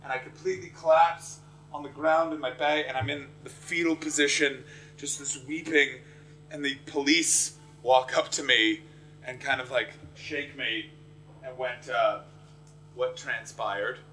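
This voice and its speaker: A man with a bright, forceful voice tells a stand-up story, swearing freely and swinging from muttered asides to frantic, rising yells. His delivery is animated and comic. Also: mid-range voice, a little slow, slight background noise. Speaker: stand-up comedian.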